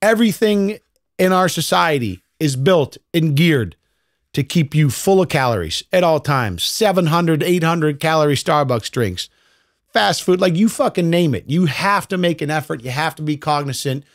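Podcast host, man, 30s, casual profane monologue, slightly high pitch, dry room. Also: expressive, moderate pace, no room sound. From United States. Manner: blunt, profane, conversational.

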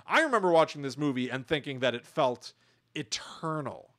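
A man's voice: a little high, animated, moderate pace, a bit bright, no room sound, studio quality. A man co-hosting a podcast, chatting casually and rambling through his points with many restarts. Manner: rambling, restarts and mimics voices. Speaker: podcast co-host. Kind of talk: casual chat.

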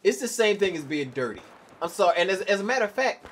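Over slight background noise, a young man with a high, very animated voice talks fast, ranting bluntly and profanely as he comments live on his own gameplay.

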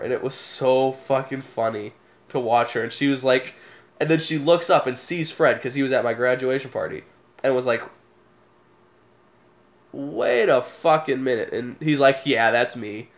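A man's voice: mid-range voice, fairly even intonation, moderate pace. Chill young guy telling stories to camera, laughs at his own jokes. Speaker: vlogger. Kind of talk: casual storytelling to camera.

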